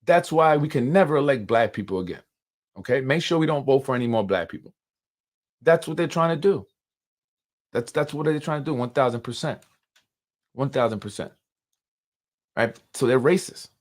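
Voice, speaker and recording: A man's voice: mid-range voice, lively intonation, moderate pace, pauses often. A man hosting unscripted political commentary, emphatic and full of rhetorical questions and repetition.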